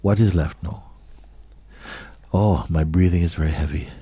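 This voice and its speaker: A man giving a slow, measured satsang talk as a spiritual teacher, often dropping to soft, hushed phrases. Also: low-pitched, breathy edge, dry recording.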